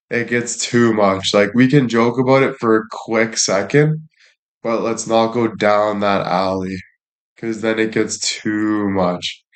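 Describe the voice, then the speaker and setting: A man's voice: lowish voice, fairly even intonation, unhurried. A man hosting a livestream, chatting casually with viewers and telling rambling stories full of swearing. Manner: rambling, storytelling, frequent swearing. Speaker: livestream host. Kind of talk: casual chat with stream viewers.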